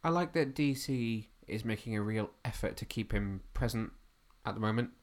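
A man's voice: fairly low pitch, moderate pace. A man co-hosting a podcast, asking curious questions in a casual chat about comics. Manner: curious, asks lots of questions. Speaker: podcast co-host.

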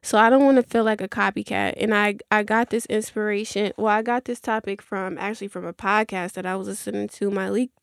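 A woman's voice: medium pitch, clear, resonant tone, no echo, studio quality. A young woman hosting a podcast, telling a rambling story in casual chat with many fillers and asides. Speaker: podcast host.

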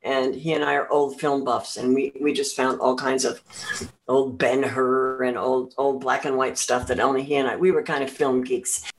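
A woman in her sixties from New Jersey, a guest recalling her career in a rambling, halting way. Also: a bass voice, level tone, rough recording. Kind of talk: casual interview, reminiscing.

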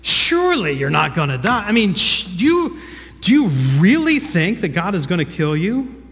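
A man voicing a cunning male serpent who coaxes with smooth, reasonable-sounding questions. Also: high-pitched, sing-song, moderate pace, fairly bright tone, exaggerated voice. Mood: coaxing. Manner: smooth, persuasive, rhetorical questions. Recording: long reverb of a large hall.

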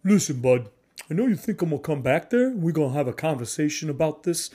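A man's voice: on the high side, lively intonation, fast, dark tone, breathy edge. A man voicing a big, broad-shouldered tough guy who squares up and threatens someone hiding in an alley. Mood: menacing.

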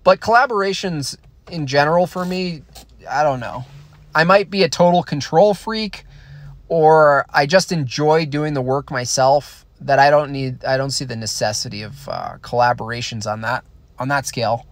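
A man's voice: a little high, animated, normal speed. A man casually answering viewer questions, blunt and opinionated, often restarting his sentences. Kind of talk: casual stream Q&A.

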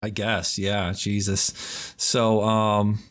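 A man with a fairly low voice hosts a film and TV podcast in a loose, rambling way. He swears freely and chats casually. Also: little pitch movement, extremely slow, fairly bright tone. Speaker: podcast host. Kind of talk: casual chat.

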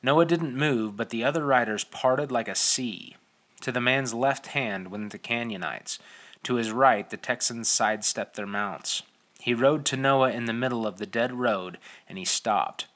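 A man reading an audiobook in steady, measured scripted narration. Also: mid-range voice.

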